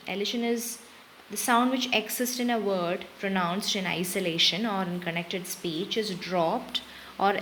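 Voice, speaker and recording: A young woman with an Indian English accent teaches an exam-prep lesson at an unhurried pace. She moves steadily from term to term with short pauses, in a mid-pitched voice. A faint hiss sits under the recording. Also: rough recording. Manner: slow, steady, listing terms with brief pauses.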